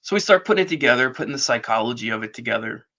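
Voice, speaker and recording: This middle-aged man is a podcast guest in a casual storytelling interview, spinning a long tale and animatedly acting out the quoted dialogue. His voice is medium-pitched and racing.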